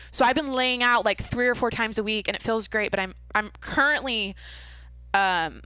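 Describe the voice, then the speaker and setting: Young woman host, casual solo podcast talk, bright voice, dry close sound; rambling and self-interrupting. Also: mid-range voice, no room sound. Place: home room with closed windows.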